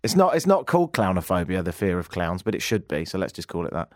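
Lively, low-voiced male radio host. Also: fast. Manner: animated storyteller, acts out quoted voices. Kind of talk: casual radio chat and storytelling. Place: radio studio.

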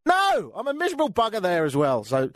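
A talk radio host with an English accent, ranting in a sardonic, grumbling way. His voice sits fairly high and swings widely up and down as he complains. The sound is close and dry, with no room around it. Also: huge pitch swings, fairly quick, dry recording. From England.

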